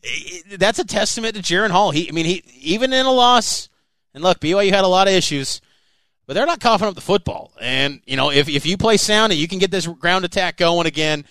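A man's voice: a little fast, dry recording. A man co-hosting a sports podcast, talking casually and emphatically about a college football game. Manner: animated, emphatic, pitch jumping up on key points. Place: on location, flew in for the game.

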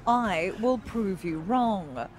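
A woman putting on a solemn newsreader voice, slow and grave. The delivery is deadpan, with no hint of a smile. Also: mid-range voice, a little hiss or hum. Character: solemn newsreader reading pop lyrics.

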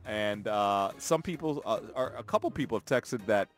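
A man's voice: fairly low pitch, normal speed, faint music behind. A man hosting a morning radio show in a studio, chatting casually and reading out listener texts. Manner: relaxed, reads out listener texts, chuckles often.

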